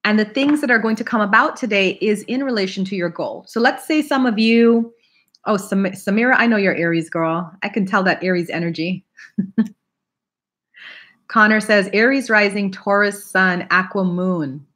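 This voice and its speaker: A woman's voice: mid-range voice, normal speed, fairly bright tone. Chatty woman giving a live tarot reading. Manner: chatty, laughs often, greets viewers by name. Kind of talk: live-streamed tarot reading, casual chat.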